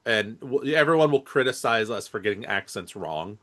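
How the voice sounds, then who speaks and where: A man's voice: fairly low pitch, expressive, normal speed, fairly bright tone. A man co-hosting a podcast, chatting casually about movies, rambling and hesitant with lots of fillers. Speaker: podcast co-host.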